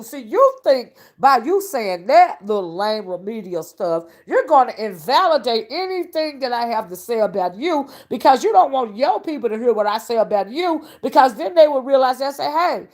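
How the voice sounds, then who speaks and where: A woman hosting a casual live-stream commentary, sassy and mocking as she rants and greets her chat. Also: fairly high pitch. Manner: greets chat viewers mid-rant. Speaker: online commentary host.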